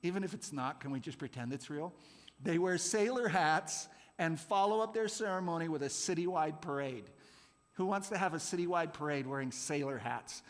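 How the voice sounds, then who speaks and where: A man with a rather high, animated voice runs a playful real-or-fake quiz for a youth group at a church service, joking and laughing often at a normal speed. The recording carries a long hall reverb.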